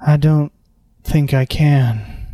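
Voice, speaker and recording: A faceless male being fading from existence, voiced by a man running a tabletop game. He speaks slowly and haltingly in a lost, resigned tone, with a dry, close sound. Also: on the high side, warm tone, no room sound. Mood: forlorn.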